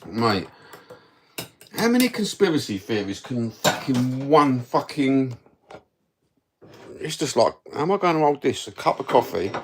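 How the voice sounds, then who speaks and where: A man with a Cockney accent hosts a livestream at medium pitch and normal speed, his voice swinging widely in pitch and pausing often. He chats casually, wanders between topics with lots of swearing, and slight background noise is audible.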